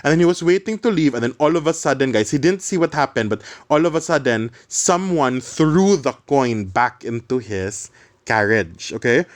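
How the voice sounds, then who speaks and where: A man's voice: mid-range voice, expressive, moderate pace. Guy teaching a book chapter, reads bits then explains in chatty english w cebuano words. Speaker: literature teacher. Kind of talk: reading aloud and explaining a novel.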